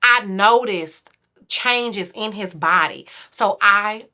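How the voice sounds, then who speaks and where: A woman in her forties, a podcast guest, telling a story in casual chat and acting out quotes in a louder, higher voice. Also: slow.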